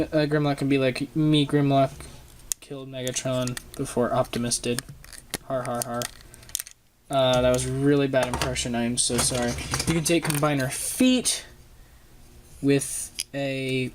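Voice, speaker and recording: A young man reviewing a toy at his desk in a casual, halting way, with frequent ums and uhs, filmed on the camera's own microphone. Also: medium pitch, a little hiss or hum. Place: home desk filming a toy close up.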